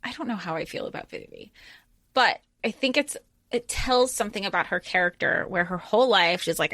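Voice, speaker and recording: Bright-voiced woman gushing casually. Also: medium pitch, fairly quick, dry recording. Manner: rambling, trails off and restarts, lively quoted voices. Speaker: podcast co-host. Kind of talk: casual book chat.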